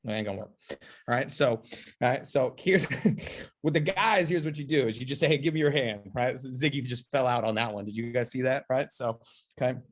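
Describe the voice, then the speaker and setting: A man's voice: medium pitch, fairly quick. A man giving a casual, upbeat sales training demonstration, chatty and playful, often checking in with his listeners. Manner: chatty, keeps asking "okay?" and "right?".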